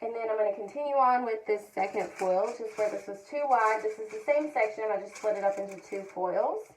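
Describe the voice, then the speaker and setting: A woman giving a calm, methodical step-by-step tutorial, narrating each move and repeating her key points. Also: medium pitch, a little fast, background noise. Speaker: hair color educator.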